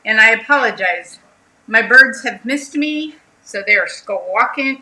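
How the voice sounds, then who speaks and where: Bright-voiced, unhurried woman. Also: fairly high pitch, animated, low-quality recording. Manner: chatty, greets viewers by name. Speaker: craft livestream host. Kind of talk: casual livestream chat.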